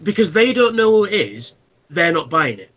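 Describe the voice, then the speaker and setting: A man's voice: high-pitched, normal speed. A man who works in a toy shop, chatting casually and acting out customers as he tells stories. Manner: animated storyteller, acts out customers. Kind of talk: casual chat.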